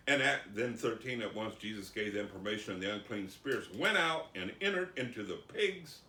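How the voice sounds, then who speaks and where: A man teaching the Bible, reading scripture slowly and dramatically, then commenting. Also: fairly low pitch, big pitch swings, bright, forceful tone. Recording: roomy echo, distant mic.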